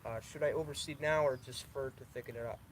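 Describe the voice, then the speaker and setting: A man's voice: medium pitch, steady tone, fast, slight background noise, poor audio. A young man hosting a live stream, reading viewer questions aloud and answering them in a casual, repetitive way that stutters now and then. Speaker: lawn care channel host.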